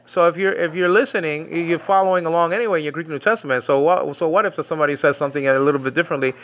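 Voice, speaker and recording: A man teaching New Testament Greek in a casual, rambling way, slowly repeating the Greek words and chuckling now and then. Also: a little high, fairly even intonation, fairly bright tone. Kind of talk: casual Bible Greek lesson.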